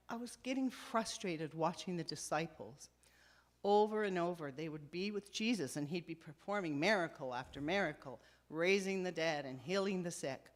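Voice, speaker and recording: Heartfelt, low-voiced middle-aged woman. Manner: slow, heartfelt storytelling with soft dips. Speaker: speaker sharing testimony. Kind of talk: spoken testimony to a congregation.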